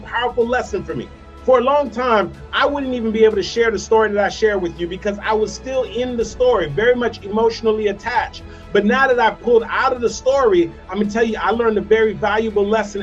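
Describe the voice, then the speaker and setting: A man giving a motivational speech, telling a story with repeated phrases and dramatic slowdowns. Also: sits high, lo-fi sound. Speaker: motivational speaker.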